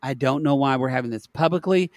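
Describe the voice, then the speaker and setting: A man's voice: medium pitch, fast, darkish tone, no room sound, studio quality. A man co-hosting a podcast, animatedly recapping a reality show and quoting the scenes. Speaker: podcast co-host. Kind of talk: casual recap chat.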